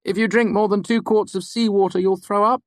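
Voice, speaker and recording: A man's voice: sits high, steady tone, a little fast, no room sound, clean studio sound, voice pushed up, natural voice. A man voicing an eager young male student who keeps offering answers, in an audiobook.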